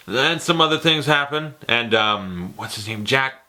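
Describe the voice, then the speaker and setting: Animated young man ranking movies. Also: medium pitch, normal speed. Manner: animated, profane, jumps into impressions. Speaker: movie reviewer. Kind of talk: casual ranking-video commentary.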